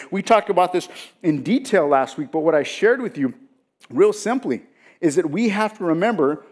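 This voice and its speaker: A male pastor giving a sermon, preaching with emphasis and often putting rhetorical questions to his congregation. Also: on the high side.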